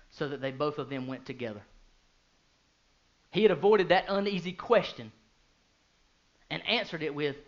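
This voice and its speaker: A man in his thirties, a pastor preaching a sermon, who moves from quiet, low talk to loud, fervent bursts and asks the congregation many rhetorical questions. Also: brisk, long pauses, highs cut off. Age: 30s.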